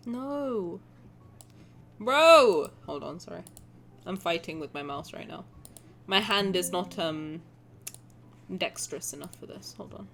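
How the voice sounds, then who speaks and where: A woman streamer chatting casually and excitably while reacting to a game, often swearing and gushing. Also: mid-range voice. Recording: faint game music underneath. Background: game music.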